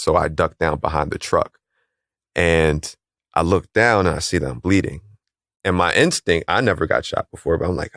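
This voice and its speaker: Speaking as an interview guest, the founder of a calisthenics league calmly recounts a personal story in a very low voice. When quoting others, he mimics how they sound. His voice is recorded close and dry, free of any room echo.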